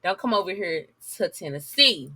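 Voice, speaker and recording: A woman's voice: on the low side, expressive, normal speed, sharp tone, husky, no room sound. A woman giving blunt, sassy commentary while reading news articles aloud to her viewers.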